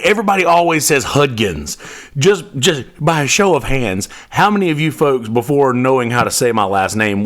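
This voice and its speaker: A man's voice: on the low side, fairly bright tone. A man hosting a podcast, chatting playfully with asides to his listeners. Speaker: podcast host. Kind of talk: casual podcast chat.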